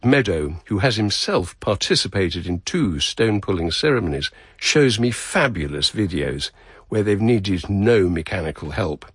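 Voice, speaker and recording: A man narrating a radio feature in a measured, descriptive way. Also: low voice, expressive, breathy edge, no room sound, clean studio sound. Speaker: radio reporter.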